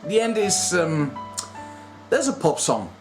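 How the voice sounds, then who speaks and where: A man in his thirties talks through a casual review in a slightly high voice that swings up and down a lot. He is animated and self-deprecating and laughs often, with faint guitar music playing underneath. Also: slow pace. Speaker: video reviewer.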